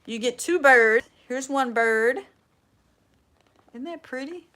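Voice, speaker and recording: A bright, fairly high-voiced woman with a Southern US accent chats through a crafting livestream. She talks in a folksy, rambling way and says "y'all" often. She trails off and restarts her sentences as she works. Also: takes it slowly. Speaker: furniture upcycling livestream host. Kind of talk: casual livestream chat.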